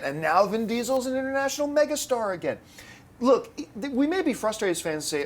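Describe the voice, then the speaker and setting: A man hosting a casual movie news panel, arguing his points with animated bursts of emphasis. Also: sits high, fairly quick.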